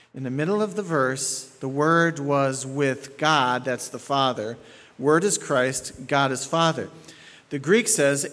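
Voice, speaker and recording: A man's voice: sits high, a bit bright, long reverb tail. A man preaching an expository sermon as pastor, emphatic, repeating key phrases and checking in with his listeners.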